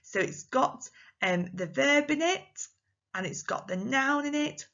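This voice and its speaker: A woman teaching young children in a recorded lesson, speaking slowly and clearly with an English accent and acting out her examples in an exaggerated, expressive voice. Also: sits high, lo-fi sound. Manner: slow, clear, encouraging talk to small children. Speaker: primary school teacher.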